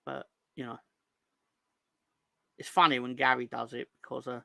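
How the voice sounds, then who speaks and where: A man's voice: mid-range voice, fairly even intonation, normal speed, gravelly, sharp tone, dry recording. A man hosting a football fan show in a casual livestream chat. He reads out viewer comments, jokes and rambles, stumbling over words. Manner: jokey and rambling, stumbles and restarts, puts on silly voices for comments.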